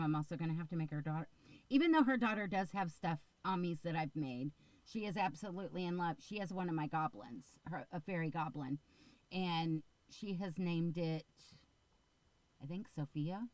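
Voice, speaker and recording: A woman's voice: fairly low pitch, no room sound, low-quality recording. A middle-aged woman vlogging about her crochet in a casual, rambling way, with lots of ums and second thoughts. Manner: rambling, filler-heavy, chatty and unsure. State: getting the hiccups. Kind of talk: casual chat to camera.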